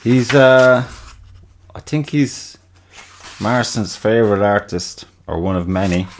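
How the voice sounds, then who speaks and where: A man's voice: fairly low pitch, slow pace, slight background noise. A middle-aged man, hosting a casual solo podcast in a rambling, profane, self-mocking way. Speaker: podcast host.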